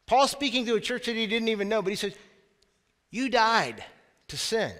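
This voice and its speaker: In a church sanctuary with long reverb, a man preaches a sermon in a conversational style and speaks asides to the congregation. He is a pastor whose voice sits high and sounds somewhat bright and expressive, at a moderate pace.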